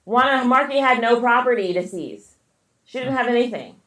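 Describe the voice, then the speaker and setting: A woman's voice: fairly high pitch, moderate pace, a bit bright, roomy sound. A woman co-hosting a podcast, casually retelling a story with lots of fillers and swearing. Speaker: podcast co-host. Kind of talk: casual chat.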